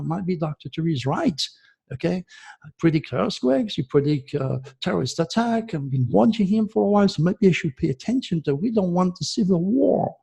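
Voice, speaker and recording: Host, male, fiery ranting monologue, raised pitch, gravelly and husky tone. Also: mellow. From France. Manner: passionate, ranting, emotional. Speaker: astrology show host. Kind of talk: impassioned video monologue.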